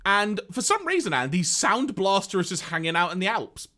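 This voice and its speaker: A man co-hosting a podcast, recapping an episode in a casual, animated way and reading out lines. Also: high-pitched, moderate pace. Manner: animated storyteller, reads out lines, laughs often. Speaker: podcast co-host.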